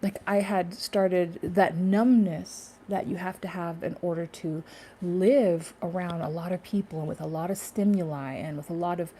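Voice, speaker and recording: Woman vlogger, mellow tone, loose rambling delivery full of fillers, faint hiss in the recording. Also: on the low side, fairly even intonation, moderate pace. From Canada. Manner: rambling, laughing to herself, many fillers. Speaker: spiritual YouTuber. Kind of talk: casual spiritual vlog monologue.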